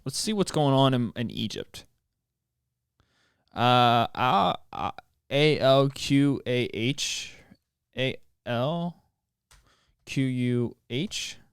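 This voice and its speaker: A young American man hosts a solo podcast with a smooth, clear voice, recorded close and dry. He rambles, tripping over words and poking fun at himself. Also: mid-range voice, dry recording. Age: young adult. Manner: rambling, self-mocking, stumbles over words. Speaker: podcast host.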